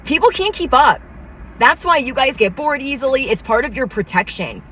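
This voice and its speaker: A woman's voice: high voice, animated, moderate pace, fairly bright tone, slight background noise, rough recording. A woman giving a channeled tarot reading, talking in emphatic, repetitive affirmations with casual slang. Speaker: tarot reader.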